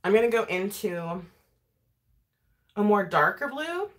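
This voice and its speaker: A woman's voice: mid-range voice, very animated, a little slow. A woman vlogger chatting casually while doing her makeup, talking freely, laughing often and swearing. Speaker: beauty vlogger.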